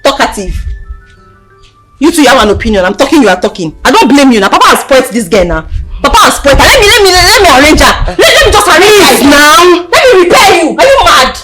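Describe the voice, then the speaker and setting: An actress with a Nigerian accent playing a loud, preachy young woman who scolds and lectures her mother. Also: fairly high pitch, sing-song, quick pace, long pauses. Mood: scolding. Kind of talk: Nollywood film acting. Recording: film audio with music score.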